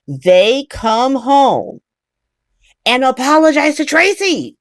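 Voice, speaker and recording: A woman hosting a casual soap opera recap, animated and profane with exasperated ranting. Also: lowish voice, moderate pace, no echo, clean studio sound. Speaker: recap podcast host.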